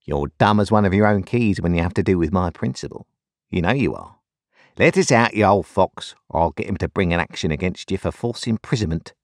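A man voicing a brisk, wry male law clerk, raising his pitch for him. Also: animated, dry recording, studio quality. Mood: teasing.

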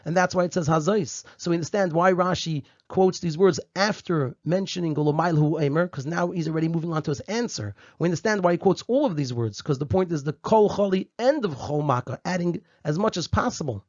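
High-voiced man teaching a Torah text. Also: fairly quick, hardly any pauses, darkish tone, no room sound, highs cut off. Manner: methodical, repeats key phrases for emphasis; uses Hebrew and Yiddish terms in Ashkenazi pronunciation. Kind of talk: explaining a Torah text line by line.

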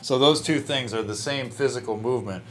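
Speaking a little fast in a mid-range voice, this guitarist describes his practice routine during a laid-back interview, restarting thoughts and dropping frequent "you know"s. There's slight background noise.

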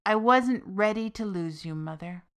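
A woman's voice: medium pitch, normal speed, smooth, close to an everyday voice. A woman voicing Jack, a rash but devoted young man who speaks earnestly and ruefully, in a storytelling podcast.

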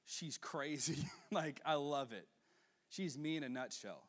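A man in his twenties preaching a sermon as a youth pastor, telling stories with quick asides and laughs. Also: a little high, animated, in a large hall. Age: 20s.

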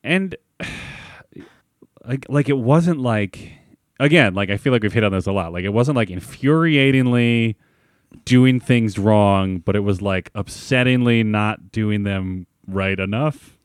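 A man's voice: fairly low pitch, a little slow, smooth, dry recording, studio quality. A man in his thirties co-hosting a podcast in casual chat, hedging a lot and filling his talk with "like". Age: 30s. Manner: hedging, full of "like" fillers. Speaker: podcast co-host.

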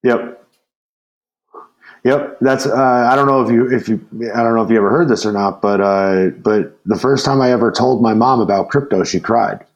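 A man's voice: mid-range voice, moderate pace, dull audio. A man hosting a podcast in casual chat, telling rambling stories with many restarts and chuckles. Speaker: podcast host.

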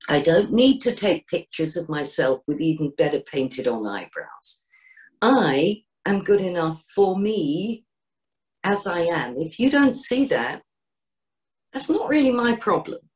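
A middle-aged woman, a coach, talking as a podcast guest in a gently encouraging way and acting out inner voices. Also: on the low side. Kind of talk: podcast interview.

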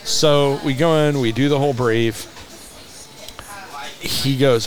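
A man who runs a museum, a podcast guest telling a lively story in a casual way, acting out what people said and laughing often. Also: medium pitch, takes it slowly, soft background music. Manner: animated, acts out dialogue, laughs often.

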